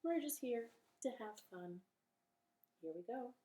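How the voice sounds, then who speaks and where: A woman's voice: fairly high pitch, animated, a little slow, dark tone, reverberant. A woman hosting a children's storytime from her living room, talking cheerfully and directly to young children. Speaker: library storytime host.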